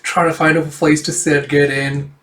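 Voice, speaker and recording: A man's voice: fairly high pitch, flat delivery, moderate pace, fairly bright tone. Rambling man reading a comic aloud. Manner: rambling, filler-heavy retelling. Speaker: comic reader. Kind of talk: casual comic read-aloud. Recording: roomy echo.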